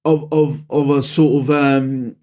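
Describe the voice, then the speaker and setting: A man's voice: mid-range voice, muffled recording. A man, a wedding DJ, telling stories in casual podcast chat, with lots of fillers and restarts. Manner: animated storyteller, halting fillers and restarts.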